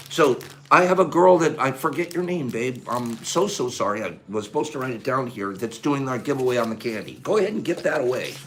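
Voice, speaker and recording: A man hosting a casual livestream, emotional and animated, swinging from loud bursts to soft, choked-up murmurs. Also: mid-range voice, a little fast, few pauses, slight background noise. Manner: emotional, gets choked up and clears his throat. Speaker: livestream host.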